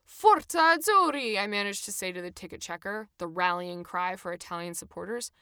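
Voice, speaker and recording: A woman reading her own first-person travel memoir with expressive, animated storytelling. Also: lowish voice, fairly quick, clean tone, dry recording, studio quality. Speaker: narrator.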